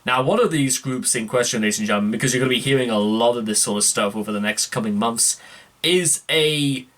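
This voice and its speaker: A man's voice: medium pitch, a little fast. A man, hosting a music reaction video in a rambling, self-correcting, chatty way. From northeast England. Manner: rambling, self-correcting, keeps calling out "ladies and gentlemen". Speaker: music reaction channel host. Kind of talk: casual reaction commentary.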